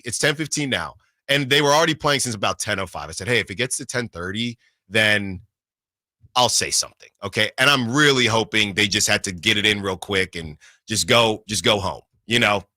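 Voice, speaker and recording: A man co-hosting a sports radio show, telling a long story in an animated way, acting out what people said and often repeating himself. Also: fairly low pitch, moderate pace, dry recording, clean studio sound. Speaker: sports radio fill-in host.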